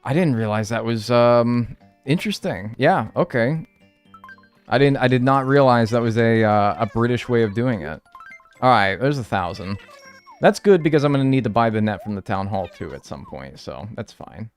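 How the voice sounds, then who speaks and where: A man's voice: medium pitch, normal speed, clean tone, faint music behind. A man streaming a game live, chatting with his viewers and swearing freely as he plays. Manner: animated, swears freely, banters with chat. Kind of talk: live gameplay commentary.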